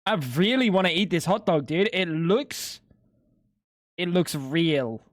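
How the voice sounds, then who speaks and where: A man's voice: high voice, lively intonation, measured pace, dry recording, studio quality. A young man streaming live, chatting casually with his viewers in a laid-back, slangy way with some swearing.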